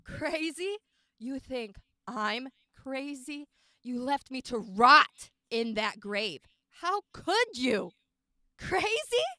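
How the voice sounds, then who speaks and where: A woman voicing a frantic young woman left for dead, shrill and accusing, in a voice acting take. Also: big pitch swings, drawn-out words, bright, forceful tone, no echo, studio quality, heavily acted.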